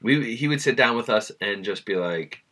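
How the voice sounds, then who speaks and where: A man co-hosting a podcast in casual chat, animated and quick to react with exclamations. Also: medium pitch. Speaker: podcast co-host.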